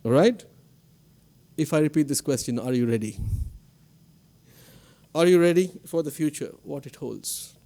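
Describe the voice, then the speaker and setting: A man's voice: on the high side, expressive, measured pace, long pauses, warm tone. A man with an Indian English accent giving a formal convocation address as institute director, asking the audience questions, recorded at a podium mic in a ceremony hall. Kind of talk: formal commencement speech.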